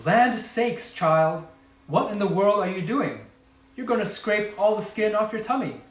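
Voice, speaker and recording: Guy doing a shrill fussy frog mom, scolding, roomy echo. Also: sing-song, unhurried, far from the mic. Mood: alarmed.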